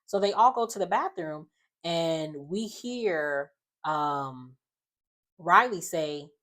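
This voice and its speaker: A woman casually recapping a reality show, telling it in an animated, sassy way with slangy asides. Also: on the low side, slow.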